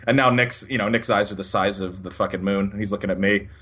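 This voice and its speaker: Young guy telling a story on a podcast, super animated, keeps cracking up, kinda sharp bright voice. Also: fairly low pitch, quick pace. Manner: animated, laughing often while telling a story. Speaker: podcast co-host. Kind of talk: casual storytelling.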